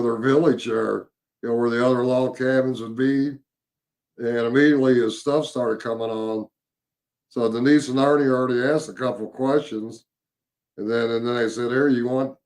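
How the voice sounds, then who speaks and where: A man, casually recounting a paranormal investigation, halting with many fillers and repeated words. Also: mid-range voice, darkish tone. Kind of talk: casual storytelling chat.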